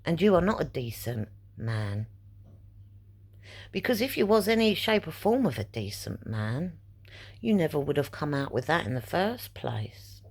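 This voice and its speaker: A middle-aged woman vlogger tells a personal story in a casual vlog, sounding indignant and rambling as she re-enacts conversations. Her voice is low, sing-song, a little slow, and slightly rough.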